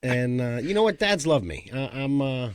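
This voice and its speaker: A man with a New York accent co-hosting a podcast in a studio, telling animated stories and ribbing his partner. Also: mid-range voice, moderate pace, clear, resonant tone, no room sound. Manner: animated storyteller, playful ribbing. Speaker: podcast co-host. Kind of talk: casual chat. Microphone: studio microphone.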